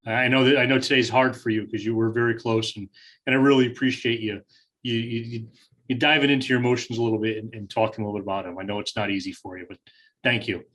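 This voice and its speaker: A man's voice: medium pitch, little pitch movement, fast, fairly bright tone. Supportive male co-host. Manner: supportive, thanking guests. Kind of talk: panel hosting on a video call.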